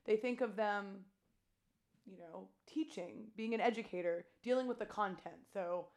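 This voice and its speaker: A woman teacher co-hosting a podcast, talking casually with lots of "like" and quick asides. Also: mid-range voice, darkish tone. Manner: chatty, heavy use of "like", quick asides. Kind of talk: casual chat.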